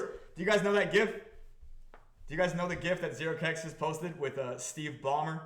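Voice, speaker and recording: A man's voice: fairly high pitch, moderate pace, a bit bright, echoey room. A man hosting a live stream, talking casually to chat and swearing freely. He repeats himself and keeps asking the audience whether they follow. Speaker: crypto project founder hosting a live stream.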